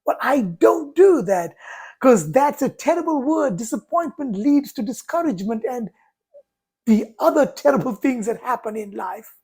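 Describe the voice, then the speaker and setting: A woman giving a motivational talk, speaking in deliberate, emphatic, drawn-out phrases. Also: sits high, animated, a little mellow, slightly rough.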